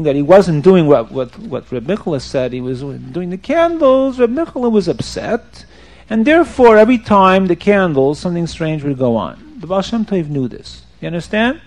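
A man telling a story to children, animated and checking that his young listeners are following along. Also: high voice, normal speed.

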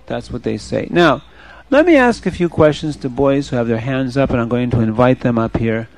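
A man telling a story to children in an animated way, often asking the audience questions. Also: mid-range voice, normal speed.

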